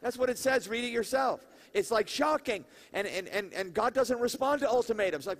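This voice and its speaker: Pastor, man, higher voice, animated conversational sermon, jokes and crowd questions. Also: fairly quick.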